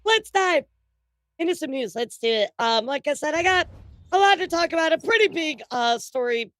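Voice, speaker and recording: A woman's voice: high-pitched, animated, normal speed, a bit bright, no echo. A woman hosting a casual livestream news show, chatty and teasing, often breaking into laughter. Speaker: streamer and news host.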